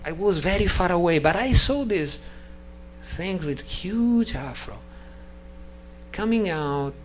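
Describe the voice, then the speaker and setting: Man with a raised voice, English as a second language, lively personal storyteller, halting delivery; guest speaker at a devotional gathering. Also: high voice, slight background noise. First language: not English. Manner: animated, acts out dialogue in story; halting, restarts sentences.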